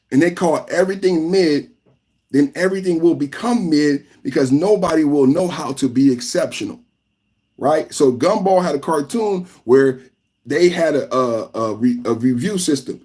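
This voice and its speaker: A podcast host from California, giving live reaction commentary in an emphatic, repetitive rant. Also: male voice, a little high, a little mellow.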